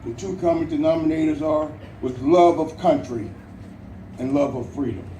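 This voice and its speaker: A man's voice: on the high side, fairly even intonation, warm tone, a little hiss or hum. Earnest man giving a rousing ceremony speech. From Louisiana, United States. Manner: earnest, rousing, with dramatic pauses and light jokes. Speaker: Veterans Day ceremony speaker. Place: outdoor memorial ceremony at a national cemetery. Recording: echoey, distant, faint outdoor ambience.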